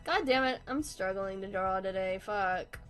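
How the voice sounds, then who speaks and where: A woman's voice: medium pitch, expressive, unhurried, fairly bright tone, soft background music. A young woman chatting casually on a live stream while drawing, swearing freely and laughing through her sentences. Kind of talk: casual livestream chat.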